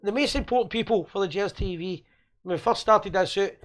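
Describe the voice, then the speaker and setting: Fast-talking Scottish man joking around. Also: high-pitched. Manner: joking, rambling and boisterous. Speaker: host. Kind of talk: casual live-stream banter.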